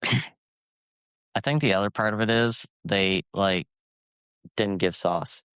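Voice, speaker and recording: Young guy with a michigan accent rambling on a podcast, smooth voice, dry close sound. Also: lowish voice, takes it slowly, a bit bright, dry recording. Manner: rambling, filler-heavy storytelling. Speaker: podcast co-host. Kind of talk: casual chat.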